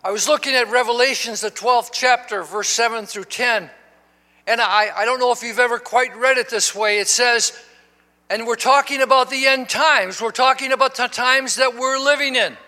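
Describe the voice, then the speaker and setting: A man in his sixties, a pastor, preaching a sermon that swells into shouts and call-and-response. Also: extremely high pitch, fairly even intonation, normal speed. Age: 60s. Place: church sanctuary. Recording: long reverb of a church hall.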